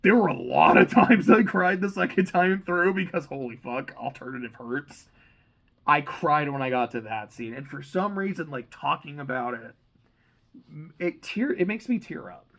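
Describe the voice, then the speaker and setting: A young man giving a casual, excitable book reaction, rambling and swearing freely. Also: on the high side, moderate pace, vocal fry, low-quality recording. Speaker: reaction channel host.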